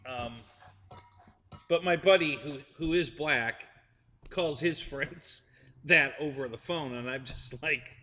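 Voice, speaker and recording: A man's voice: on the high side, takes it slowly, long pauses, sharp tone, big-room sound, a little hiss or hum. A middle-aged man hosting a live stream, rambling through a joke with restarts and chuckles while chatting with viewers. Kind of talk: casual chat with live chat viewers.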